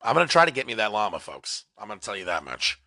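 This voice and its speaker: A young man hosting a comedy podcast, rambling through a solo monologue that swings from mock-dramatic outbursts to low mutters. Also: big pitch swings, fast talker, bright, forceful tone, no echo, clean studio sound. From California. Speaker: podcast host.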